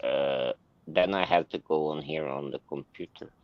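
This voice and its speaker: A man with a very low voice drops in short, casual comments. The sound is dull and lo-fi. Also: moderate pace, no echo. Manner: brief casual interjections.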